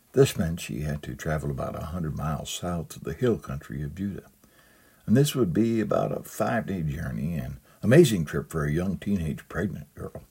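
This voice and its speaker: Very deep, husky male pastor. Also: dark tone. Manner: humorous storytelling, chuckles at own jokes. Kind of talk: sermon with a humorous reading.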